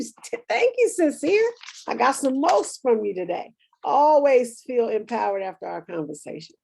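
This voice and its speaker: Woman podcast host, mellow low-toned voice, casual preachy monologue with lots of fillers. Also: creaky, husky. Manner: conversational, preachy, thinks aloud with fillers. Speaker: podcast host recapping episodes.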